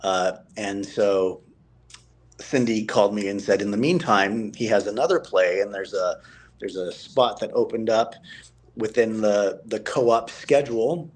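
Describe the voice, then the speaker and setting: A man's voice: on the low side, a little slow, poor audio. A man, a stage actor chatting as a guest on a live stream over his phone, telling stories and laughing easily. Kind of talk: casual interview on a live stream.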